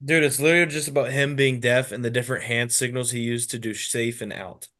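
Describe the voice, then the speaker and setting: A man's voice: medium pitch, fairly even intonation, fast, a bit bright. A man co-hosting a comedy podcast, laid-back, mostly answering with short, dry replies. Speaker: co-host. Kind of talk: casual comedy podcast chat.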